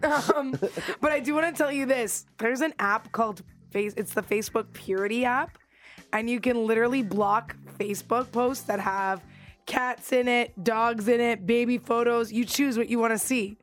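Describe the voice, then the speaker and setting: A woman co-hosting a radio show in casual chat, her voice raspy and hoarse, with a teasing, amused manner. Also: a little high, moderate pace, fairly bright tone, faint music behind. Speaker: radio co-host.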